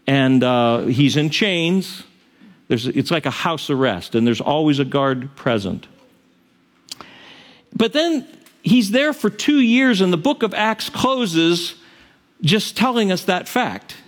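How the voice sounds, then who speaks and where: Male pastor, sermon, conversational storyteller with a fairly high voice. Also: big pitch swings, slow pace.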